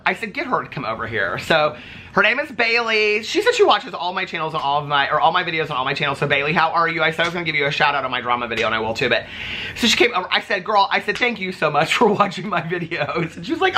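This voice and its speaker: A man vlogging from a hotel room, telling stories in a chatty, animated way with lots of fillers. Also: a little high, a little hiss or hum. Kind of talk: casual chat to camera.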